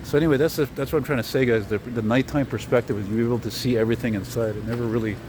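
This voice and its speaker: A man's voice: mid-range voice, steady tone, racing. Guy rambling on a night walk, camera mic, traffic noise all around. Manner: rambling, chatty, easily amused. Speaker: vlogger host. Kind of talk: casual walking vlog. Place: city streets at night, outdoors. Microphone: handheld camera while walking. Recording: noisy street outdoors.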